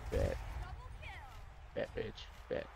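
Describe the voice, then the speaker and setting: A man giving casual, excitable gameplay commentary, swearing and making sound effects as he plays. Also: very slow, background noise.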